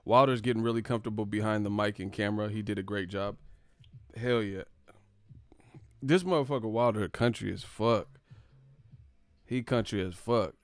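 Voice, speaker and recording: A man's voice: fairly low pitch, normal speed, long pauses, no room sound, clean studio sound. A young man hosting a live stream about boxing, casual and profane, laughing often and mimicking commentators. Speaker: boxing channel host.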